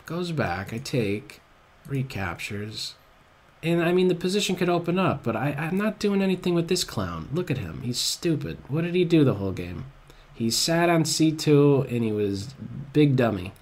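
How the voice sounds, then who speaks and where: A man giving live commentary on his own blitz chess game, excitable and groaning at his own blunders, at a desk microphone. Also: a little high, normal speed.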